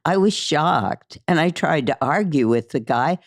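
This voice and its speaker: Memoir narrator, woman, measured first-person storytelling, mid pitch, dead-dry close sound. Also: expressive, no room sound. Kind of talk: audiobook-style memoir reading.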